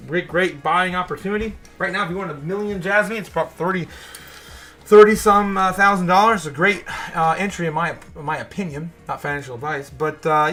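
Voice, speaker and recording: Bright-voiced man ranting casually. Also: sits high. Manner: frustrated, swearing, rambling. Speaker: host of a crypto show. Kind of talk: casual livestream rant.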